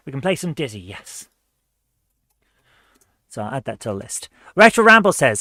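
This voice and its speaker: A woman's voice: very deep voice, sing-song, moderate pace, pauses often, sharp tone, no room sound. Chatty woman streamer, dry sound. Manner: chatty, upbeat, laughs easily. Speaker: host of a live retro gaming stream. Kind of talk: casual live-stream chat, reading viewer comments.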